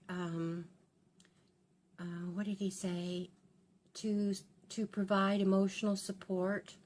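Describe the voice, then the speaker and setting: A woman's voice: lowish voice, a little mellow. An older woman and grandmother chatting in a rambling, confiding way while she does her hair for her vlog. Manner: rambling and confiding, with many restarts. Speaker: beauty vlogger. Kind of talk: casual chat while doing her hair.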